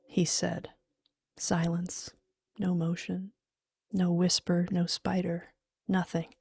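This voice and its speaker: A woman reading a horror story in a hushed, half-whispered voice. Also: on the low side, level tone, unhurried, gravelly, breathy edge, no room sound, clean studio sound. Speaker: audiobook reader. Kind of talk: scripted horror narration.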